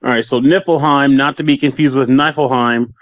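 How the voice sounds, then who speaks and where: A man co-hosting a podcast, chatting casually and reviewing games with animated, joking rants. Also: medium pitch, normal speed, dry recording, lo-fi sound. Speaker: podcast co-host, game reviewer. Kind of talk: casual chat.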